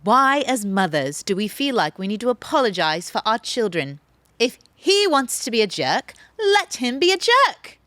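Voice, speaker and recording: A woman's voice: very animated, moderate pace, no echo. A woman voicing a wise, blunt older woman mentor in a put-on British accent, emphatic. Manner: emphatic, rising to high loud delivery.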